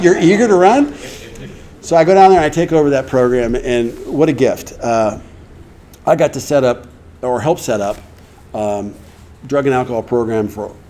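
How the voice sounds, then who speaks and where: Middle-aged man, warm mellow tone, recovery talk at a meeting, faint hiss behind. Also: medium pitch. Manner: storytelling with quoted dialogue and laughter. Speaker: recovery speaker. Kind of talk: personal recovery story told to an audience. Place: meeting hall before an audience.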